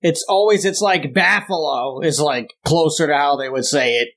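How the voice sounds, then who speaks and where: A young man co-hosting a podcast in casual chat, ranting with exaggerated disdain and climbing higher as he gets worked up. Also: moderate pace, fairly bright tone. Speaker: podcast co-host.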